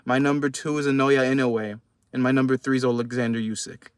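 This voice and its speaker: A man's voice: mid-range voice, steady tone, a little fast, clear, resonant tone, no echo, clean studio sound. A young man giving heated, profane post-fight boxing commentary in a casual vlog. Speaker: boxing vlogger.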